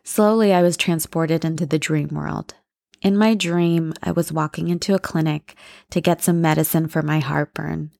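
A woman with a low, gravelly voice retelling her father's dream in a heartfelt, halting way. She is teary-eyed, and the sound is close and dry. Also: steady tone, a little mellow, no echo. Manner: heartfelt, hesitant, with fillers and restarts. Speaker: storyteller. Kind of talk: emotional retelling of a story.

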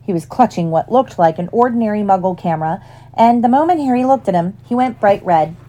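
A woman narrating a storybook aloud at a steady, even pace. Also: medium pitch, brisk. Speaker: audiobook reader.

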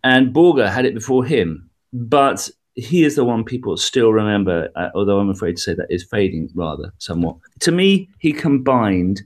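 A man being interviewed as a guest comedian and musician, talking in a rambling, animated way with many restarts. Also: on the low side, moderate pace. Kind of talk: radio interview conversation.

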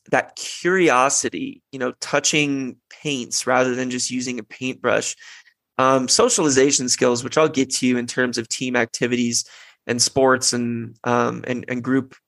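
Young man, parenting podcast host, earnest, rambling with fillers, mid pitch, dry close sound. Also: fairly bright tone, no room sound. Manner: earnest, many restarts and "you know" fillers. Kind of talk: reflective casual monologue.

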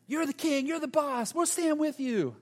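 A man voicing an excitable young male friend who eggs on the king, in a high, eager cheering voice. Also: moderate pace. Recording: long reverb of a large hall.

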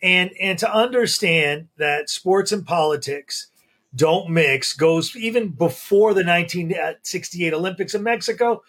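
A man's voice: sits high, measured pace, fairly bright tone. A man hosting a sports talk show, explaining the topic and handing the floor to his co-host. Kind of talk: hosting a talk show, history-minded commentary.

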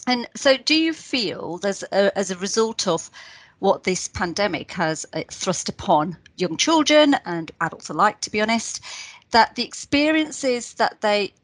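A woman's voice: medium pitch, lively intonation, measured pace, no room sound. A woman interviewing a guest, hesitant and full of fillers as she asks her questions. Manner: hesitant, many fillers when asking.

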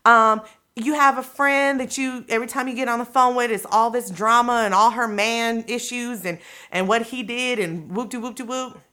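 A woman's voice: on the high side, fairly even intonation, moderate pace, bright, forceful tone, clear, resonant tone. A woman hosting her own podcast, giving a casual, motivational talk to listeners in a direct, coaxing, slangy way, checking in with "okay?" and "you know what I'm saying?". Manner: colloquial, slangy delivery. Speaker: podcast host.

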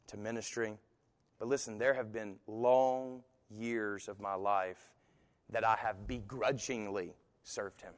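A male pastor preaching an animated sermon that swings from soft to loud, with voices acted into the quotes. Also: lowish voice. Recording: long hall reverb.

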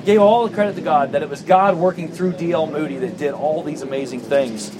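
Male pastor, higher voice, animated sermon delivery with faint traffic hum behind. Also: a little fast. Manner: animated storytelling, acting out quoted voices.

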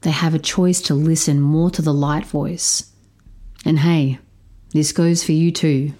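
Brief: woman podcast host, solo monologue, blunt and profane, slightly low voice. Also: steady tone, unhurried, warm tone. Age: adult stepparent. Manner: frank, profane, emphatic.

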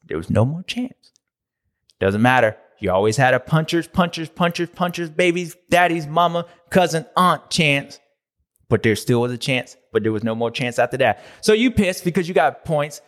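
Slangy excitable guy doing a funny racing recap, voice bouncing all over. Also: a little high, moderate pace. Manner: animated, slangy, jokey and excitable. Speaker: host of a racing recap show. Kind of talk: comedic recap commentary.

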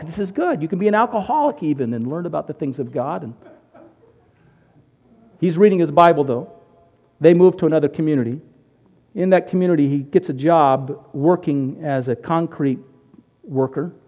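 A man preaching a sermon on radio, telling a story with lively acted-out quotes. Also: a little high, muffled recording. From United States. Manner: animated storyteller, acts out quotes. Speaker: pastor. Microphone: radio broadcast recording.

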